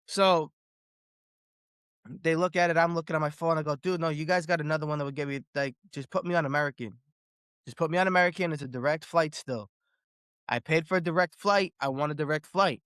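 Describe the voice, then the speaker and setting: A man hosting a casual sports podcast, telling stories in an animated way, swearing freely and repeating words. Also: fairly high pitch, a little fast, clear, resonant tone, no room sound, clean studio sound. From Boston area. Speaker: podcast host.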